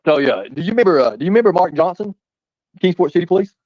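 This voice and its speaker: A male guest storyteller tells rambling, profane anecdotes through laughter in casual talk, on muffled lo-fi audio with no echo. His voice is high-pitched with big pitch swings and a very fast pace.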